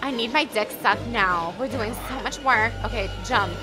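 A woman's voice: on the high side, moderate pace. A young woman doing let's play commentary, crude and jokey, yelping when scared. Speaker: gaming YouTuber. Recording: game music behind.

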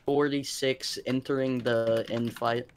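A man's voice: mid-range voice, level tone, unhurried. Offhand wisecracking man on a headset. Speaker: speedrunner. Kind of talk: casual gaming chat.

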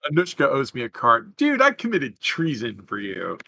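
Bright, casual joking player. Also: male voice, mid-range voice, huge pitch swings, normal speed, gravelly, dry recording. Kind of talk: casual tabletop play.

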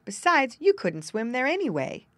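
A woman's voice: high voice, very animated, normal speed, fairly bright tone, no room sound, pitched above the performer's own voice. A woman voicing a worried young male muskrat in a storybook reading, speaking sadly and plaintively. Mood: mournful. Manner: sad, plaintive.

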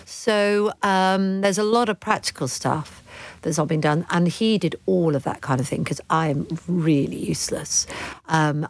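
Reflective woman speaking with low pitch. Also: no echo. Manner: halting, reflective, many restarts and fillers. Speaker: interview guest. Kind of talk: candid conversational interview.

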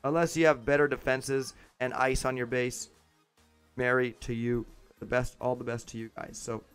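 A man's voice: medium pitch, flat delivery, moderate pace, fairly bright tone, clear, resonant tone, soft background music. A man casually commenting on his game while livestreaming, chatting with viewers and chuckling often. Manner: chatty, chuckling, talks to chat. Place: home setup with green screen.

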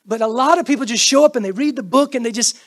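A middle-aged pastor preaching a sermon in church, swinging between loud bursts and hushed asides and acting out quoted prayers and greetings. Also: male voice, very high-pitched, fast. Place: church sanctuary.

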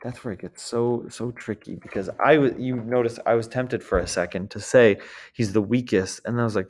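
Man, teacher, slightly low voice, casual classroom lesson, models words slowly. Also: fairly even intonation, darkish tone. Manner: casual, repeatedly checks in with "d'accord?". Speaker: French teacher.

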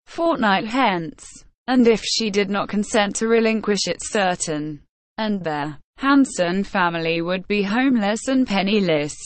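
A woman's voice: mid-range voice, no room sound. A woman reading a classic novel aloud as an audiobook narrator, voicing the dialogue in her own voice. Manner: measured, unhurried reading.

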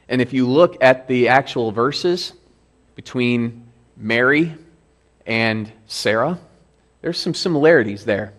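A male pastor giving a sermon in a church, explaining scripture in a conversational way and reading verses aloud with emphasis. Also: mid-range voice.

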